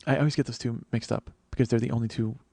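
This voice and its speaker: A man's voice: medium pitch, fairly even intonation, fast, gravelly, warm tone, no room sound. A man hosting a comedy podcast, telling a rambling, profane story with sarcastic asides. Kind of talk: casual storytelling monologue.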